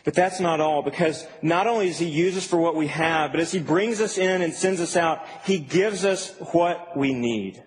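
Young male pastor, high voice, relaxed humorous delivery, long hall echo. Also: normal speed, hardly any pauses. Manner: casual, animated, humorous preaching. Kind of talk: sermon. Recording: reverberant hall, faint ambient noise.

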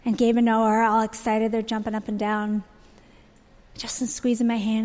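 A woman in her thirties tells her story in an earnest, heartfelt way, her voice sitting a little high. The sound carries a long reverb from a large church auditorium. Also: level tone, moderate pace, a little mellow. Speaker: speaker sharing a testimony. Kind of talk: church testimony talk.

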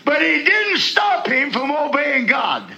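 Guy preaching, high raspy voice, real bright and sharp, reads scripture soft then shouts hallelujah. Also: big pitch swings, slow, muffled recording. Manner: swings from quiet scripture reading to shouted praise; folksy, talks straight to the congregation. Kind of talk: sermon.

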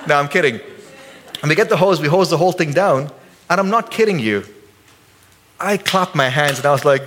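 Animated, joking preacher. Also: male voice, fast talker, a little hiss or hum. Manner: animated storytelling, jumps high when acting out quotes; casual and joking with the congregation. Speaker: pastor. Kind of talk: sermon. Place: church service.

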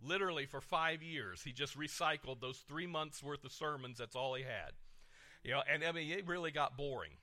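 Middle-aged male preacher, bright and somewhat high, animated sermon delivery. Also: moderate pace. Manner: animated preaching, swings from soft to loud, repeats words. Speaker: pastor.

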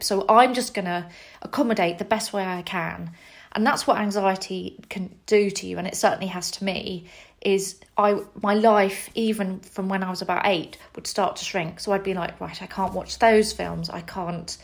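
A young adult woman telling a personal story, candid and self-deprecating, with lively asides when she quotes her younger self. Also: medium pitch.

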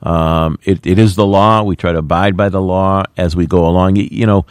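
A man's voice: low-pitched, fairly even intonation, fairly quick, clear, resonant tone, dry recording, studio quality. A middle-aged man, a mayor speaking in a plainspoken, folksy way with plenty of fillers. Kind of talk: radio interview talk.

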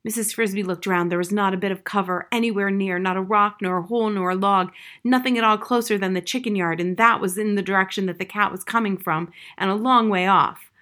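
Female reader for a children's audiobook, steady, measured narration. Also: medium pitch. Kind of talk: reading a children's novel aloud.

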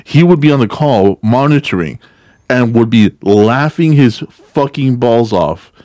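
A man co-hosting a casual podcast, telling call-center stories and jumping into high, hyped voices when he quotes callers. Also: animated, a little slow, mellow, no room sound, clean studio sound. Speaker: podcast co-host. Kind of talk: casual storytelling chat.

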